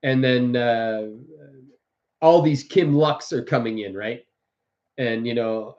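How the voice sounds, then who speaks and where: A man's voice: mid-range voice, slow pace, pauses often, a little mellow. A man hosting a casual livestream, rambling through political commentary with many restarts and mocking quoted voices. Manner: mocks others with exaggerated quoted voices. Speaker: livestream host. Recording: dull lo-fi audio.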